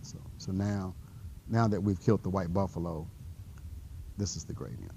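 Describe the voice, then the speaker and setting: A man teaching a math class in a classroom. He talks in a relaxed, conversational way and rambles into stories, restarting often and filling pauses. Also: deep voice, slight background noise. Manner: rambling storyteller, frequent restarts and fillers. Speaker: math instructor. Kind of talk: classroom lecture.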